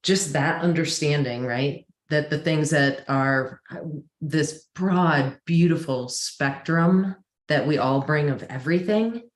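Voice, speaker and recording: A woman's voice: sits low, slow, echoey room. A woman hosting an interview series, responding with enthusiasm and affirmation. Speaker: series host.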